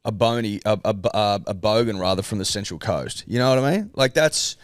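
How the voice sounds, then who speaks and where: An Australian man co-hosting a podcast, deadpan and insistent, repeating his points in casual banter. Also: fairly low pitch, brisk, smooth, no echo, clean studio sound. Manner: deadpan, insistent and self-defending. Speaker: podcast co-host.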